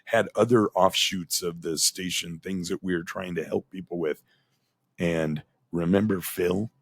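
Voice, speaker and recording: A man's voice: low voice, fairly even intonation, a little slow, gravelly, breathy edge, no room sound. A middle-aged man, a former radio host, telling a candid personal story in a plainspoken, aggrieved way. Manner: plainspoken, aggrieved, recounts dialogue in quotes.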